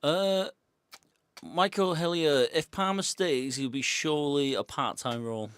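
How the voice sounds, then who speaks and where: A man's voice: a little high, a little slow, fairly bright tone, smooth, no room sound, clean studio sound. A man co-hosting a casual live stream, matter-of-fact as he reads out viewers' messages. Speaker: co-host reading super chats.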